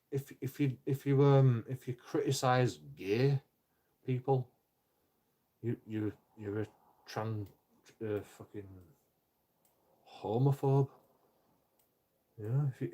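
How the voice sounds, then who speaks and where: A man's voice: mid-range voice, unhurried, pauses often, dark tone. A man ranting casually on a live stream, rambling and profane, with lots of stumbling restarts.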